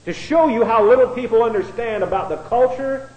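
A man preaching a sermon as pastor, blunt and digressive, with many restarts and swings from quiet asides to loud emphatic lines. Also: extremely high pitch, fairly quick, muffled recording. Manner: blunt, digressive, with frequent restarts and a dry chuckle. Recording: echoey room.

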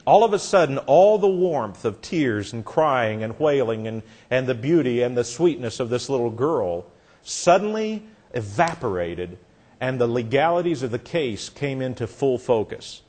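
A man preaching a sermon, telling a story earnestly and dropping soft for effect. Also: medium pitch, lively intonation, normal speed, slightly rough.

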